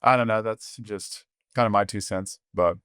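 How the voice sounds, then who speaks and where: A man with a fairly low voice hosts a podcast in an eager, rambling style, with lots of fillers. The sound is dry and close, with no room around it. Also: moderate pace, clean tone, no room sound. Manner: enthusiastic, full of fillers; acts out quoted dialogue in animated voices. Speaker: podcast host. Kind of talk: casual podcast conversation.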